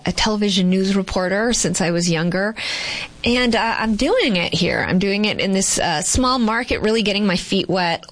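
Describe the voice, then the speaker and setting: A woman in her forties from Boston, a TV news reporter chatting as an interview guest, expressive, with quick laughs and frequent fillers. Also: mid-range voice. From Boston, USA. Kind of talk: casual interview chat.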